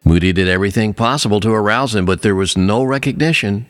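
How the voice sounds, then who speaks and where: A man preaching a sermon, earnest, telling a story and slowing down on key phrases. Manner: earnest, swings pitch widely for emphasis.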